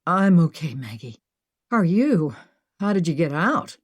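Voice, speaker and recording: A woman voicing an injured uncle who speaks softly and with worry. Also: fairly low pitch, big pitch swings, a little slow. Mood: hurt. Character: hurt older uncle, gentle.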